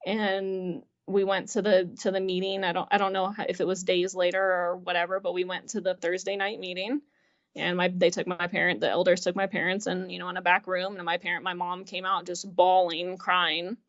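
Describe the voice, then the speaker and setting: A woman's voice: fairly low pitch, flat delivery, fairly quick. Woman retelling a story, dull lo-fi sound. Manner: chatty, filler-heavy retelling that acts out quoted dialogue with frequent laughs. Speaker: interview guest. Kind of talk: personal storytelling in casual conversation.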